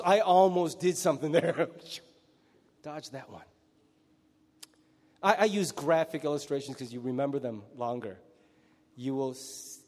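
A man preaching a sermon in a high voice, lively and full of acted-out voices of kids and parents. He drops low and quiet when he paints grim images. The sound carries a long hall reverb that lingers after each phrase. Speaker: pastor.

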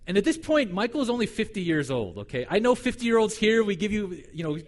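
A male pastor preaching a sermon in a conversational, humorous way, animated and acting out the voices he quotes. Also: high-pitched, fast.

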